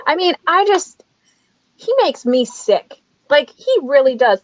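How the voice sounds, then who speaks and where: A woman's voice: high voice, big pitch swings, unhurried, no echo, rough recording. A woman guest in a casual book club discussion over a video call, chatty and strongly reacting.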